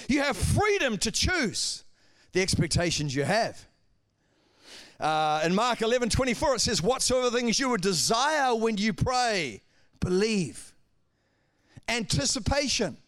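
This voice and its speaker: A man preaching a sermon, with swings between calm speech and shouted, fervent passages. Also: sits high, measured pace. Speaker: pastor.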